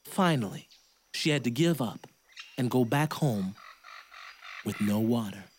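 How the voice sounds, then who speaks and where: A man telling a folk tale, in a lively, rhythmic way with sound effects. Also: medium pitch, a little slow, slight background noise. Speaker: storyteller.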